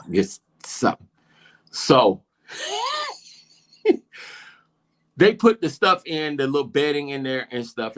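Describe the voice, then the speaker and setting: A man co-hosting a podcast, telling an expressive comic story about family life. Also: mid-range voice. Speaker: podcast co-host. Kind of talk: comedic storytelling.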